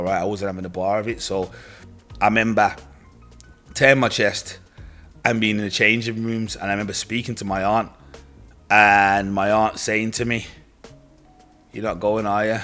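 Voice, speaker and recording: Young man, lowish voice, slangy storytelling, faint music behind. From Britain. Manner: animated, slangy, acts out the voices of others in his story. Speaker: powerlifter telling his story. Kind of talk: casual personal storytelling.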